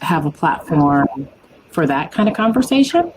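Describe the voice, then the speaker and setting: A woman hosting a podcast, talking in a relaxed, measured and upbeat way. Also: deep voice, noisy background. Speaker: podcast host. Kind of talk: casual podcast interview.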